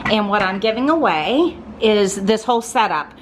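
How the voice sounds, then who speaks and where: A woman's voice: medium pitch, expressive, normal speed, slight background noise. Chatty middle-aged woman gushing over decor. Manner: chatty, gushing, frequent ums and likes. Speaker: home decor vlogger. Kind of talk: casual haul and decorating vlog. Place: at home indoors.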